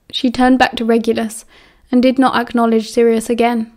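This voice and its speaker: A woman's voice: fairly high pitch, little pitch movement, normal speed, few pauses, a little mellow. Woman reading an audiobook aloud. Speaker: audiobook narrator. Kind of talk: reading fan fiction aloud.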